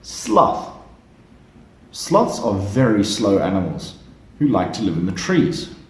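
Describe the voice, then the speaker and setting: A man running a flashcard lesson for small children, talking slowly and leaving room for them to repeat each word. His fairly low voice swings lively up and down, and the recording has a roomy echo. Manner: slow, lively, encouraging repeat-after-me prompts. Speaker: English teacher for young children. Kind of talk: slow flashcard lesson for kids.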